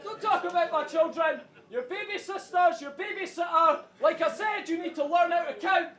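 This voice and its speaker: A Scottish man mocks his rival in a very high voice, laughing and shouting his lines. The echoey venue is full of a loud crowd and noise. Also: normal speed. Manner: mocking, laughing, shouting punchlines. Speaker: battle rapper. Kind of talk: rap battle verses over crowd.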